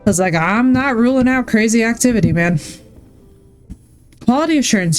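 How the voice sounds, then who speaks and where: A woman's voice: a little high, expressive, moderate pace, pauses often, faint music behind. Rambling, swearing woman streamer. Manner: rambling storyteller, swears freely. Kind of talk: casual chat while gaming.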